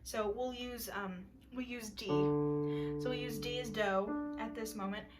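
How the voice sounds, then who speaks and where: A young music student presents a class project as a casual lesson on vocal warm-ups, chatting with lots of fillers and breaking into short sung solfege drills. Her voice is mid-range at a measured pace, picked up by a distant mic.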